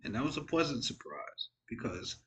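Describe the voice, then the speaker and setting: A man's voice: medium pitch, very animated, normal speed, a bit bright, slight background noise, low-quality recording. A tired man giving casual, frank football commentary on his own channel, rambling and poking fun at himself. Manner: rambling, frank, self-deprecating. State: tired, yawning. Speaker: sports fan vlogger.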